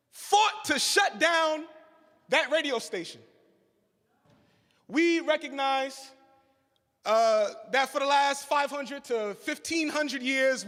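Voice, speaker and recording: A man's voice: extremely high pitch, slow, pauses often, pushed and bright. A man who co-hosts a radio show, giving a rousing fundraising speech and telling a story live, with call-and-response. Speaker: radio co-host, fundraiser speaker. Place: church hall, live event. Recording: reverberant church hall.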